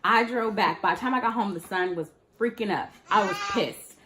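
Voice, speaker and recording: A woman in her twenties telling a story in a casual, animated way, acting out what each person said. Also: mid-range voice, moderate pace, noisy background. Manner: animated, dramatic retelling with voiced quotes.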